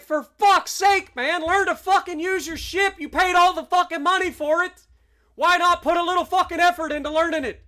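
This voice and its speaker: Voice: very high-pitched, sharp tone. A livestreamer giving live gameplay commentary, ranting at teammates with constant swearing, heavy sarcasm and asides to the chat. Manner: angry, profane ranting at teammates; talks to the chat.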